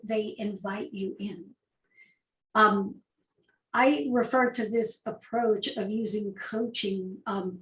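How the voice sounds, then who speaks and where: A woman's voice: a little high, echoey room, rough recording. A woman, an agile coach, giving a conversational talk with rhetorical questions. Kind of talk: presentation talk.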